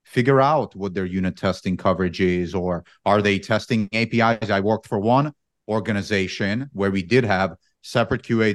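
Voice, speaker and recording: A man's voice: sits low, no room sound, clean studio sound. A man speaking as a podcast panelist in a casual discussion, hesitant and often repeating his words.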